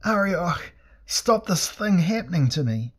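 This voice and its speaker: A man's voice: mid-range voice, steady tone, fairly quick, slightly rough, close to an everyday voice. A man reading an audiobook, voicing a tormented male sorcerer-warrior with strained, pleading cries. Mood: screaming agony.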